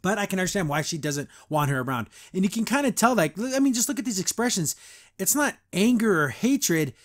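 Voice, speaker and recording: A young man with a fairly high, light voice hosts a podcast review. He talks loosely and chattily, quoting characters in quick put-on voices and laughing between points. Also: expressive. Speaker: podcast host reviewing a cartoon. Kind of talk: casual reaction commentary.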